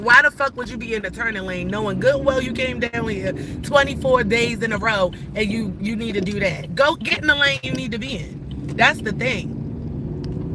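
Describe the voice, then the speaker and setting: A woman ranting profanely and suspiciously from her car during a live-streamed drive through city traffic. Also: on the high side. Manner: profane, rambling, suspicious and agitated. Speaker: livestreamer driving a child to school. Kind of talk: live-streamed driving rant. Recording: loud road and engine noise from a car. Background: loud traffic and engine noise.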